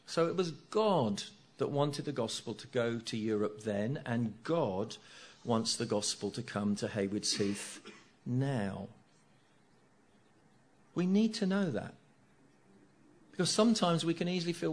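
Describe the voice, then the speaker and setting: A man's voice: mid-range voice, a little slow. A middle-aged man preaching a sermon, earnest, repeating key phrases and asking rhetorical tag questions.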